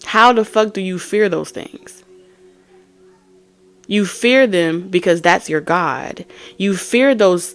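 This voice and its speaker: Blunt, profane woman tarot reader. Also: fairly low pitch. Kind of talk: profane tarot reading rant.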